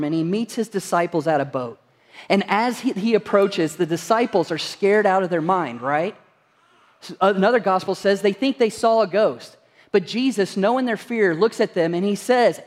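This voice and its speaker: Pastor, male, high tenor, earnest sermon delivery, echoing church hall. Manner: earnest, rhetorical questions to the congregation. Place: church sanctuary.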